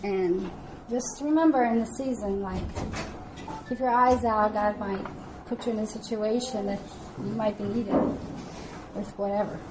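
A woman's voice: mid-range voice, measured pace, pauses often. A woman telling a story casually, with many fillers and acted-out quoted dialogue. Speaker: family devotional speaker. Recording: noticeable background noise.

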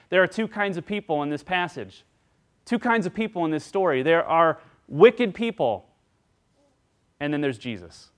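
A pastor preaching a sermon to his congregation in an earnest manner, voicing the figures he quotes with rising pitch and loudness.

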